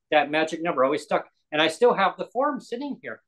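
A man's voice: on the high side, very animated, brisk, few pauses, a bit bright, rough recording. A man from Canada hosting a podcast, telling a story in casual chat and quoting people as he goes. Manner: anecdotal, quotes officials in dialogue. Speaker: podcast host.

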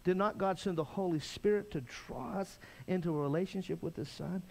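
An older man preaching a sermon as pastor, impassioned, swinging from loud cries to quiet intensity. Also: high voice, fairly quick, vocal fry.

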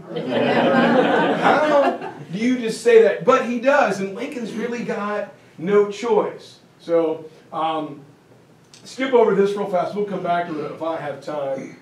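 Brief: high-voiced man telling history like a story to a school group, recorded from far back. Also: takes it slowly, a little hiss or hum. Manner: animated, folksy, conversational. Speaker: history lecturer. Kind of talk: casual storytelling lecture. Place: school meeting room. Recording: echoey room, from far off.

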